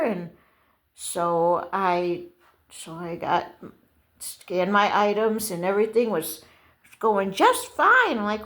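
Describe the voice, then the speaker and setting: An older woman telling a casual rambling story to camera, halting and restarting often. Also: medium pitch, expressive, fairly bright tone. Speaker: vlogger.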